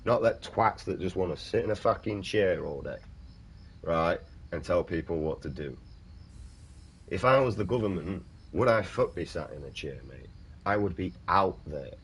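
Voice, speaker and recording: A young British man with a very deep voice, swearing and ranting casually while chatting to viewers on a stream. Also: animated, unhurried, a bit bright, slightly rough. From United Kingdom. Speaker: gaming streamer. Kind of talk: casual livestream chat.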